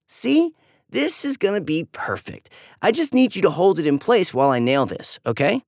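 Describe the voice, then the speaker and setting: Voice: mid-range voice, sing-song, normal speed, a little mellow, no echo, studio quality, pitched above the performer's own voice. The storybook narrator voicing a cheeky, easygoing young boy who talks breezily and confidently. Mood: breezy.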